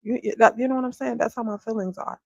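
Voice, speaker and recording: A woman livestreaming from home, a homeschooling mom speaking bluntly and swearing freely as she vents to her viewers. Her voice is husky and gravelly. The sound is dry and close, with little room echo. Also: fairly high pitch, steady tone, fast, a little mellow, lo-fi sound. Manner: candid and venting, swears freely; talks straight to viewers, often asks if they follow her. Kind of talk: casual livestream chat.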